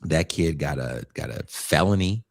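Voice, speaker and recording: A man with a deep, low voice tells a story in casual podcast chat, animated and blunt, with the odd curse. The sound is dry and close, with no room around it. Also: unhurried, gravelly, no room sound. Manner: animated retelling with swearing and acted quotes. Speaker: podcast co-host.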